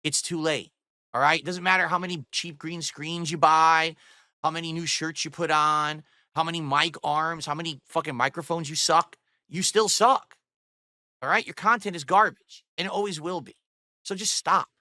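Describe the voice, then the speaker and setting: Scornful, bright-voiced male streamer ranting. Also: on the high side, fairly even intonation, normal speed, no echo, clean studio sound. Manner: mocking, profane, scornful; addresses viewers and chat directly. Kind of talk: livestream rant. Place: home streaming studio. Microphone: studio microphone on a boom arm.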